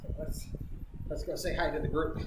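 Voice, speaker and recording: A man's voice: on the high side, little pitch movement, normal speed, roomy sound, noisy background. A man chatting casually while riding an indoor bike, thinking aloud as he pedals hard. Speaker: cycling vlogger.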